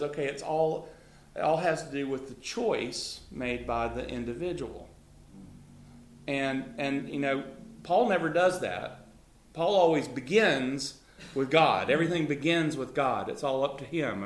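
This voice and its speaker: A man's voice: fairly high pitch, roomy sound. A man leading a Bible study in a conversational teaching style, chuckling often and talking loosely with fillers.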